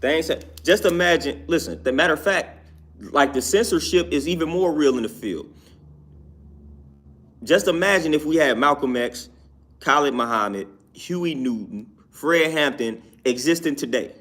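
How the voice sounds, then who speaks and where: This YouTube commentator's voice is a little high, fairly bright, and lively in intonation, moving at a normal speed. He shares his opinions casually on his own show, emphatically and repetitively, frequently asking "you know what I'm saying."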